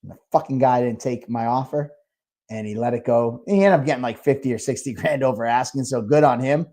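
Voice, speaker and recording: A man's voice: medium pitch, a little fast, dark tone. Rambling, foul-mouthed male podcast host. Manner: rambling, heavy swearing, lots of "like". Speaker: restaurant owner. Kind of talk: casual storytelling chat.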